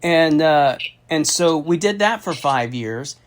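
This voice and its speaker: A man's voice: a little high, expressive, takes it slowly. A middle-aged man from Austin, Texas, telling a personal story in a phone conversation, candid, emphatic and often profane. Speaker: federal contracting consultant.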